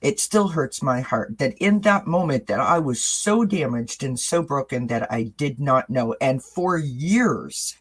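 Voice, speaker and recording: A man's voice: medium pitch, lively intonation, a little slow, hardly any pauses, slightly rough. Brief male host, casual chat, mid-range voice, candid and earnest, addresses viewers directly. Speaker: channel host.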